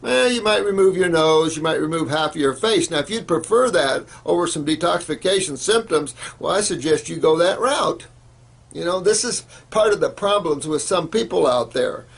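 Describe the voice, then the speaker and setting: A man speaks in a gravelly, husky voice that sits a little high for a man. He lectures informally on health, pressing his points with emphasis and repeating himself often, with plenty of fillers. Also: lively intonation, normal speed. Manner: emphatic, repetitive, lots of fillers. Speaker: health educator.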